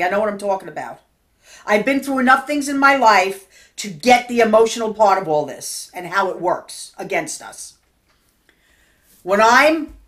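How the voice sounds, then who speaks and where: An older woman minister giving a personal testimony sermon in an earnest, conversational way that drops into quiet, intimate tones. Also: mid-range voice.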